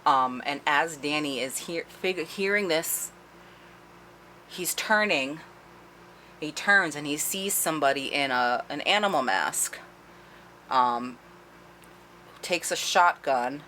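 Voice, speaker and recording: A woman's voice: sits low, unhurried, pauses often, bright, forceful tone, slight background noise. A woman giving a casual, chatty book review, retelling the plot with swearing and laughter. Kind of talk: casual spoiler-filled book recap.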